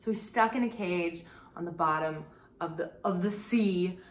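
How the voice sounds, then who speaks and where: A woman's voice: on the low side, normal speed, roomy sound. A young adult woman hosting a casual comedic recap, chatty and sarcastic, dropping swear words. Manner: chatty and sarcastic, swearing, with bursts of laughter and mock quotes. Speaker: podcast host recapping a TV show.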